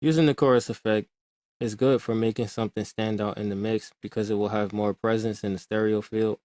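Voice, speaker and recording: A man with a lowish voice walks through an audio tutorial in a calm, measured way. His voice is close and dry, with no room sound at all. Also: no room sound. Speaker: music production tutor. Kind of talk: screen-recorded tutorial.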